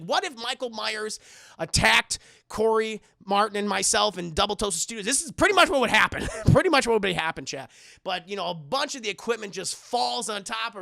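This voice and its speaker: A young man streamer giving a profane, animated comedic movie recap to his chat, often laughing. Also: high-pitched, vocal fry.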